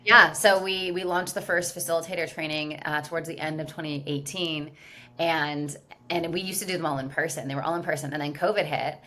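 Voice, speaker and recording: A woman's voice: low voice, fairly even intonation, a little fast, sharp tone. A woman guest in a casual podcast interview, telling her story candidly and animatedly with lots of "like" fillers. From California, USA. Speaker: guest, business founder.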